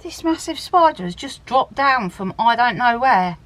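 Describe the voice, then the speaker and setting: A woman chatting excitably through a video diary, filmed on a handheld camera from a narrowboat and a car. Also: on the high side, normal speed. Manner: excitable, exclaiming. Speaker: vlogger. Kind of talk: casual video diary chat.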